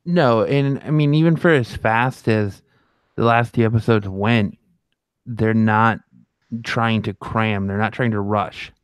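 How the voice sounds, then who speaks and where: Low, smooth-voiced man rambling casually. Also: fairly even intonation, a little slow, dry recording. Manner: rambling with frequent restarts and fillers. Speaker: podcast co-host. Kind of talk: casual fan discussion.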